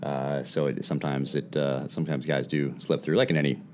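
A man's voice: extremely low pitch, flat delivery, fairly quick, darkish tone, slight background noise. A man who is a guest on a podcast, talking candidly and casually, with many restarts and easy laughs. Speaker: guest, former special operations instructor.

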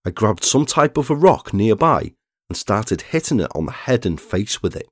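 A man, narrating a true crime story in a measured scripted read. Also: lowish voice, big pitch swings, no room sound, studio quality. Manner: measured, reads statements aloud plainly.

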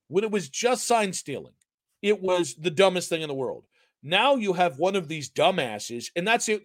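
A man co-hosting a sports podcast, blunt and sarcastic, swearing freely in casual debate. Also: high-pitched.

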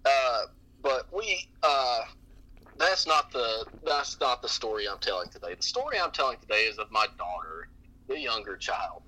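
A middle-aged man telling family stories on a podcast in casual chat, animated and often laughing, with many restarts. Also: mid-range voice, moderate pace, rough recording. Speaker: podcast guest.

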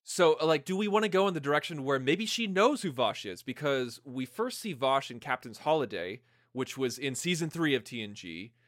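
A man co-hosting a podcast, chatting casually and brainstorming ideas out loud. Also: mid-range voice, animated, normal speed, hardly any pauses, no echo, studio quality. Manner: brainstorming, acts out scenes in quoted voices. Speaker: podcast co-host. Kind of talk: casual fan chat.

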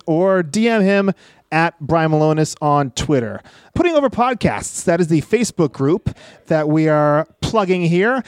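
High-voiced, wisecracking podcast host man. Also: dry recording, clean studio sound. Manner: quick, wisecracking, teasing. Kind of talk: casual podcast chat.

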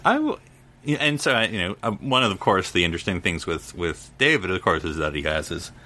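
Man, low voice, forceful tone, podcast co-host, rambling filler-heavy talk. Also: big pitch swings, fairly quick. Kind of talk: casual chat.

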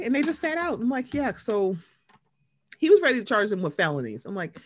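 Animated woman acting out quotes. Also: fairly quick, no echo. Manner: animated, acts out quotes with big pitch jumps and laughs. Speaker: podcast co-host. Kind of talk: casual chat.

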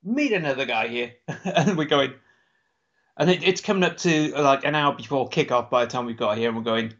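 A man's voice: medium pitch, brisk, a bit bright. A man co-hosting a podcast, telling a long rambling story in casual chat, swearing and laughing often. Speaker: podcast co-host. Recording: dull lo-fi sound.

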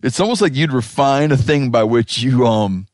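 A man hosting a podcast, talking in a rambling, animated, casual way and swearing now and then. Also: medium pitch, moderate pace, no echo, clean studio sound. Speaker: podcast host. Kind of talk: casual chat.

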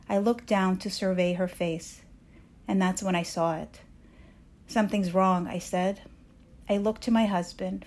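A woman reading her own personal essay aloud in a measured, candid storytelling voice. She grew up in Soviet Ukraine. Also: mid-range voice, a little mellow.

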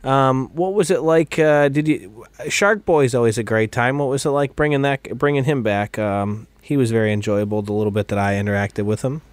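A man's voice: mid-range voice, normal speed, hardly any pauses, clear, resonant tone, no echo. A man co-hosting a casual podcast, blunt and profane, laughing easily as he chats. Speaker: podcast co-host.

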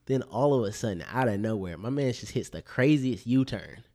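A man co-hosting a podcast, telling stories in slangy, animated casual chat. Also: medium pitch, moderate pace. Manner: slangy, animated storyteller, repeats "bro". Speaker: podcast co-host.

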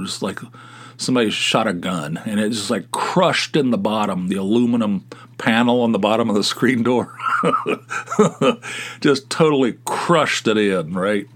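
Middle-aged guy from west virginia, podcast host, rambly animated storytelling, chuckles a lot. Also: fairly low pitch. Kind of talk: casual anecdotal storytelling.

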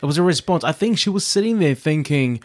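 A man co-hosting a podcast, chatting casually and animatedly, acting out what others said. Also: fast. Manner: animated storyteller, acts out quotes with jumps in pitch. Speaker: podcast co-host. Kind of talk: casual chat.

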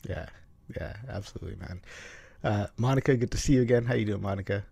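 A man's voice: on the low side, fast talker, gravelly, warm tone, breathy edge, no echo. A man hosting a casual online group chat, laid-back and peppering his talk with "man". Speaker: host.

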